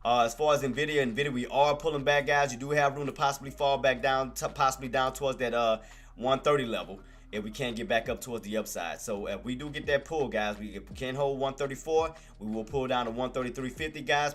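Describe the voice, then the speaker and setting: A man's voice: mid-range voice, fast, a bit bright. A man hosting a live trading stream, hurriedly calling out price levels and repeating himself to chat. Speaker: stock trading livestream host. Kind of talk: live market commentary.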